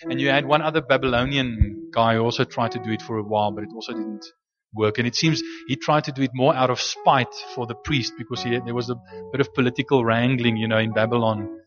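A man preaching a sermon in a middle-pitched voice, teaching off the cuff and often circling back to repeat a word before going on. He slows down and leans on each phrase whenever he reads scripture aloud. The recording sounds a little dull and lo-fi, with faint music underneath. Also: fairly even intonation. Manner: unscripted teaching with frequent restarts and repeated words; slows down and stresses words when reading scripture aloud.

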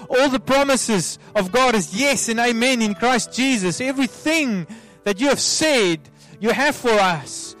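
A man as a pastor leading an altar call prayer, soft and pleading, repeating himself with many restarts. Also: very high voice, lively intonation, unhurried, few pauses. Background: soft music.

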